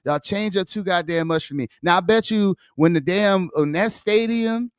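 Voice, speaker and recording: A man's voice: high voice, normal speed, clean tone, no room sound, clean studio sound. A man hosting a podcast, ranting heatedly in a casual, profane, repetitive way. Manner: heated, profane, repeats himself. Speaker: podcast host. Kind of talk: casual sports rant.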